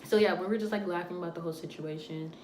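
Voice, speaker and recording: A young woman telling a storytime tale in a casual, animated way, acting out the voices of the people in it. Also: on the low side, very fast. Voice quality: animated, acts out quoted voices. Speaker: storytime vlogger. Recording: echoey room, faint noise.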